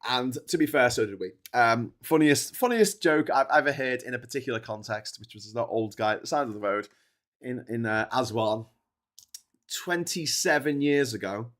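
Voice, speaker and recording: Brief: tired man, rambling livestream host, chatty, mid pitch. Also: lively intonation, moderate pace, a bit bright. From Liverpool. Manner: rambling, chatty, full of fillers. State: tired from staying awake. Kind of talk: casual livestream chat.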